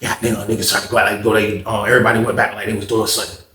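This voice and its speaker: A man's voice: on the low side, racing, echoey room. A man telling a story from his time in prison in a casual storytime monologue, acting out the quoted lines in a raised voice and swearing freely. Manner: animated, acts out quotes in a raised voice, heavy profanity. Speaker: storyteller recounting prison life.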